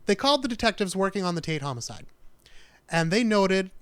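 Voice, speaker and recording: A male podcast host narrates a true-crime story in relaxed, chatty storytelling with dry asides. His voice is smooth and resonant, pitched slightly high. The recording is dry and close. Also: fairly quick, no echo. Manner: chatty, dry jokes, acts out quoted people.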